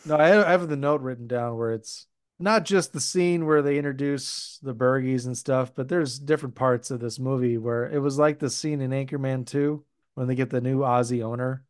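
A man's voice: medium pitch, steady tone, moderate pace, no room sound, clean studio sound. A man from the United States hosting a podcast, chatting casually and laughing often. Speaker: podcast host. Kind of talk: casual chat.

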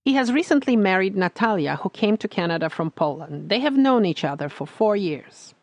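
A woman podcast host reading the show's introduction in a measured, scripted way. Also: medium pitch, lively intonation, a little mellow, no room sound. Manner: measured, read-aloud delivery.

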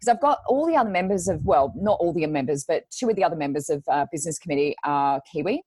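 Woman, podcast co-host, lower register, close dry sound, animated storyteller. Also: fast, husky, no room sound. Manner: animated storyteller who acts out quotes. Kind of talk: casual podcast chat.

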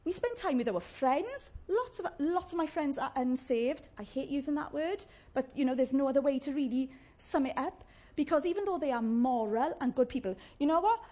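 A woman preaching a sermon, chatty and warm-humoured, often asking the congregation questions and laughing. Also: high-pitched, lively intonation, normal speed, hardly any pauses.

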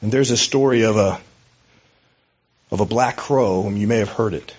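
A man's voice: lowish voice, normal speed, a little mellow, breathy edge, lo-fi sound. A man preaching a sermon as a pastor, in a conversational, storytelling way with hesitations.

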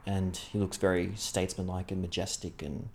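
Aussie podcast guy making up a story as he goes, lowish voice, rambly, laughs a lot. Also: little pitch movement, normal speed, darkish tone, a little hiss or hum. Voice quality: rambling, trailing off, laughing often. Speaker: podcast co-host running an improvised story. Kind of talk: improvised comedic storytelling.

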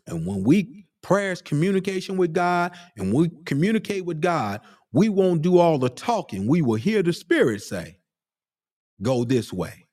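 Fervent male preacher with a lively voice. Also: on the high side. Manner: animated, frequent "glory be to God" and "hmm?"; rising to fervent emphasis, drawn-out words. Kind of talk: sermon.

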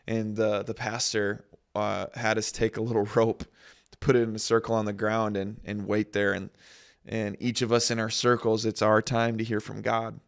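Low, gravelly man telling a story. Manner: rambling, self-interrupting storyteller. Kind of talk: casual faith talk, personal story.

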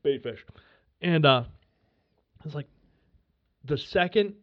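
A podcast host spinning a casual story, animated and swearing freely with lots of fillers. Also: male voice, a little high, normal speed, long pauses, muffled recording.

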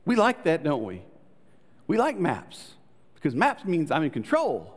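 A man preaching a sermon, telling a story with lively voices for the people in it and sinking to soft, low tones to make a point. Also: a little slow, breathy edge. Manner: animated storytelling, acting out quoted voices, dropping to soft low tones for emphasis. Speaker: pastor. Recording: long reverb of a large hall.

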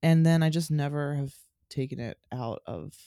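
A woman's voice: low-pitched, moderate pace, mellow, no room sound, studio quality. A woman in her thirties co-hosting a podcast in casual chat, playful and self-mocking, laughing often. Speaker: podcast co-host.

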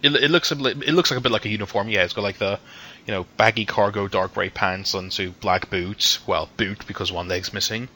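A man's voice: lowish voice, brisk, pushed and bright. A man narrating a tabletop role-playing game as game master, describing scenes with hesitant fillers.

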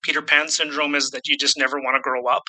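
A man's voice: medium pitch, little pitch movement, fast talker, bright, forceful tone, low-quality recording. A Canadian man in his fifties, a real estate investor speaking as an interview guest, rambling and self-deprecating, often repeating his words. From Saskatchewan, Canada. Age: 50s. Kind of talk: casual interview conversation.

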